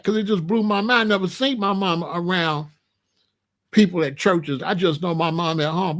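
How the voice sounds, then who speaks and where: Animated man in his sixties, slangy storyteller. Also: high-pitched, moderate pace. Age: 60s. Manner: animated, streetwise slang, frequent "you know what I'm saying". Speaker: channel host. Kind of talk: casual storytelling monologue.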